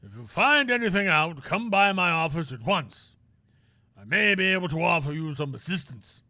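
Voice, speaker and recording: A man's voice: fairly high pitch, lively intonation, normal speed, bright, forceful tone, no room sound, exaggerated voice. A man voicing a pompous elderly male lawyer who rambles wistfully.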